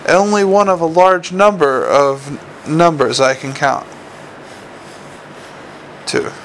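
A man voicing a slow, literal-minded male troll watchman who speaks in blunt broken grammar. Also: a little high, fairly even intonation, a bit bright, slight background noise, poor audio. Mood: plodding.

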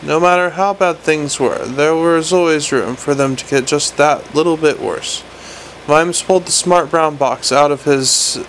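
A man's voice: fairly high pitch, slight background noise, rough recording. Man narrating a wry fantasy novel. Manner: wry, with small stumbles and restarts. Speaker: audiobook narrator.

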